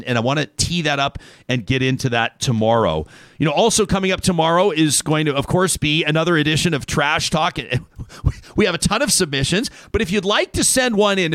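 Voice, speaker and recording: A man's voice: a little high, dry recording, studio quality. A man, hosting a casual talk show and joking his way through a list of names and stories. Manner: animated, joking, reading lists aloud.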